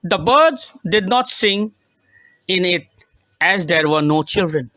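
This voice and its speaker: A male teacher reading a children's story aloud with emphasis, pausing to repeat and explain each line in simple words. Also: sits high, expressive, sharp tone, no room sound, rough recording.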